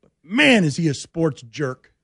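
A man hosting a sports radio show in a studio, ranting and teasing in an animated, sarcastic way. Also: on the high side, measured pace, gravelly, breathy edge, dry recording. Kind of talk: casual sports talk radio. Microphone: studio microphone.

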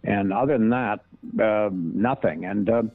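An older man, an impressionist, telling showbiz anecdotes in a halting, storytelling way over a tinny line. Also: lowish voice, gravelly, no echo, soft background music. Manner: anecdotal, halting with many restarts. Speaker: impressionist guest. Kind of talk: casual interview storytelling. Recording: tinny phone-like line, dry.

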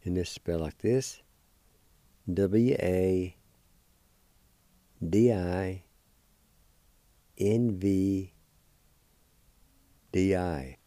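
A man hosting a radio language lesson, spelling out words and repeating each one slowly and patiently. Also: sits low, warm tone, dry recording. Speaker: language teacher and radio host.

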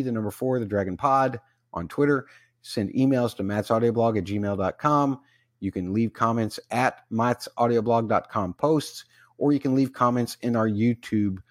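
A man's voice: mid-range voice, dry recording. Chatty male podcast host. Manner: chatty, rambling with fillers. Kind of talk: solo podcast recap.

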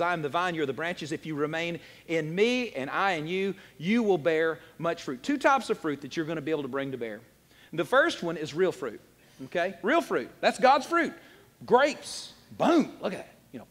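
A male pastor preaching a sermon in an animated, joking way, talking straight to the congregation. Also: a little high. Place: church sanctuary. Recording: long hall reverb.

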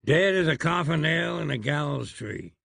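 A man's voice: on the high side, animated, normal speed, creaky, fairly bright tone, no room sound, studio quality, voice pushed up, full character voice. A man doing a sneering young cowboy. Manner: sneering, scornful.

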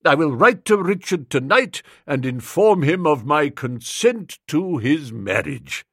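Male reader doing an old storybook lord, higher pitched, slow and doddery, sentimental. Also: animated, dry recording, clean studio sound. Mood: moved.

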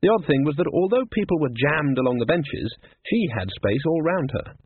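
A man narrating a story in a brisk, wry storytelling manner, in a tinny lo-fi recording. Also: fairly high pitch, expressive, breathy edge, no room sound. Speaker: audiobook narrator. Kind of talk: scripted narration.

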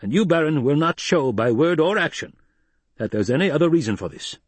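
A man's voice: a little high, animated, a little fast, slightly rough, no room sound, voice pushed up. A man voicing an old male soldier spy and adviser, speaking in a clipped, insistent, lecturing way in a storybook reading.

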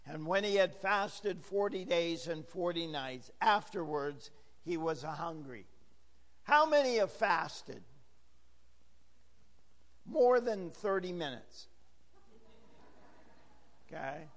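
A hoarse, gravelly-voiced man preaching a verse-by-verse sermon as pastor, chatting with jokes to the congregation in a church. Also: fairly high pitch, animated, slow, long pauses, fairly bright tone, long reverb tail. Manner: chatty, joking asides to the congregation. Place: church sanctuary.

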